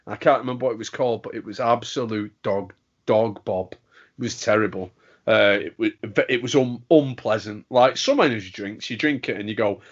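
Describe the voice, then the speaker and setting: A man's voice: lowish voice, normal speed. Chatty man from northern England. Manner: chatty, easily amused. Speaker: podcast co-host. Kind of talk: casual podcast banter. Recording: dull lo-fi audio.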